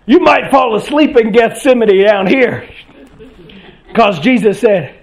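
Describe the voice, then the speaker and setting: A male preacher delivering an impassioned sermon in a church, swinging from shouted peaks down to hushed, drawn-out phrases. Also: sits high, expressive, poor audio.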